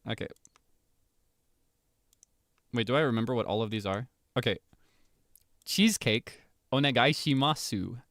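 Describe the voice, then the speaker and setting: A man's voice: lowish voice, moderate pace, pauses often, no room sound, studio quality. Giggly, chatty male streamer. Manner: animated, giggly, rambling asides. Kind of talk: casual stream chat.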